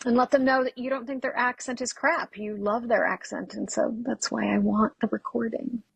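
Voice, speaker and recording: A woman dialect coach from Texas, chatting as a podcast guest and telling stories with quick, animated asides. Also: a little high, vocal fry, breathy edge, no room sound. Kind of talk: casual podcast interview.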